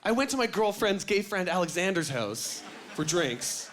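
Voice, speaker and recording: High-voiced young comedian, animated. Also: male voice, normal speed, slight background noise. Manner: animated, self-mocking, acts out voices. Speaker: stand-up comedian. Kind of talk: stand-up comedy set. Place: comedy club stage. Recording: loud audience laughter, comedy club.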